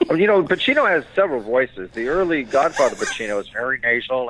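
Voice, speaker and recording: Animated man telling stories over the phone. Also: medium pitch, fast talker, a little hiss or hum, rough recording. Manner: animated, keeps slipping into impressions. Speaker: comedian guest. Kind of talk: casual phone interview.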